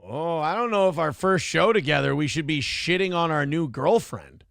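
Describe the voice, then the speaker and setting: A man's voice: fairly high pitch, lively intonation, normal speed, gravelly, fairly bright tone, dry recording, clean studio sound. Sarcastic man ranting on a stream. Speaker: streamer reading paid chat messages. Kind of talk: casual live-stream commentary.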